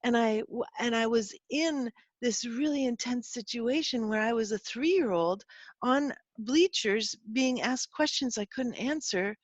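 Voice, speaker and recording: Female guest expert, earnest storyteller, higher voice, dry muffled line. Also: unhurried, no echo. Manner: earnest, animated storytelling with many restarts. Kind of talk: interview answer, storytelling.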